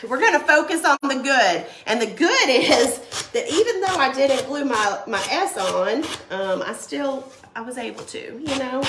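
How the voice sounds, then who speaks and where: A woman with a cold hosts a craft livestream, chatting casually and laughing as she crafts and answers viewer comments. Her high voice is animated and unhurried, and the recording is reverberant with background noise.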